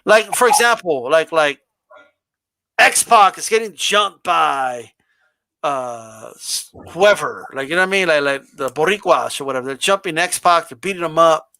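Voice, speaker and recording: High bright-voiced guy ranting casually about wrestling, lots of "like" and "bro", dry close sound. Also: unhurried, dry recording. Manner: animated, mocks stilted delivery, lots of "like" and "bro".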